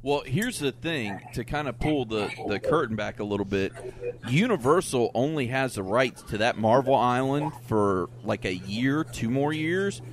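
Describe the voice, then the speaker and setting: A man co-hosting a casual podcast over a video call, animated and laughing often. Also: mid-range voice, moderate pace, slight background noise. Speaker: podcast co-host. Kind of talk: casual chat.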